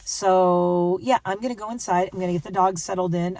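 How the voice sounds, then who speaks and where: A woman's voice: on the low side, steady tone, brisk, a little mellow, far from the mic, slight background noise, low-quality recording. A tired woman vlogging casually to the camera, rambling and correcting herself as she talks. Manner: rambling, chatty, self-correcting. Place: outdoors and in a car, rainy day.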